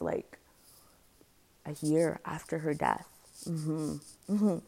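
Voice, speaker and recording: A young woman speaking softly and reflectively as she tells a personal story on a podcast. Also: low-pitched, gravelly. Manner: soft-spoken and reflective, often quiet.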